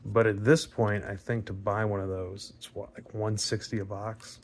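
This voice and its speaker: A man with a raspy voice, chatting casually and rambling with fillers and mild swearing while opening trading card packs. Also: fairly low pitch, flat delivery, normal speed, slight background noise. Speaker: card pack opening vlogger. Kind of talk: casual pack opening commentary.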